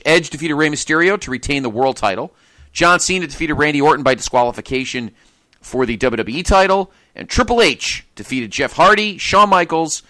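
A podcast host with a mid-range, pushed, bright voice reads match results aloud in casual chat, adding incredulous asides and laughing a lot. There's no echo on the recording.

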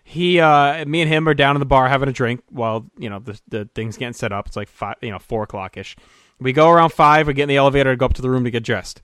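A man co-hosting a podcast, animated as he tells a story and laughs along with it. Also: medium pitch, fast, clean tone, no echo, studio quality. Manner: animated, laughs through his own story. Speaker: podcast co-host. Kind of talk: casual storytelling chat.

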